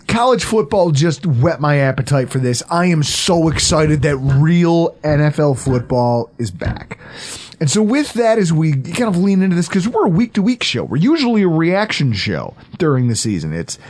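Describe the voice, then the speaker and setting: A man in his thirties hosts a loose sports podcast with a slightly raised voice. He talks excitedly, swears casually and laughs often at his own stories. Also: on the high side. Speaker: podcast host.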